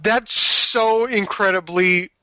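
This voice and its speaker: A man in casual chat, reacting to a story with quick, indignant comments. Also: high voice, bright, forceful tone, no echo.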